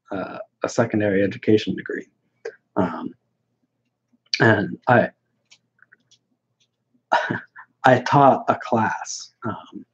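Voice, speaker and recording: A young man talking bluntly and mockingly in casual chat as a podcast guest, halting with many restarts, on a dull lo-fi recording. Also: mid-range voice. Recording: dull lo-fi sound.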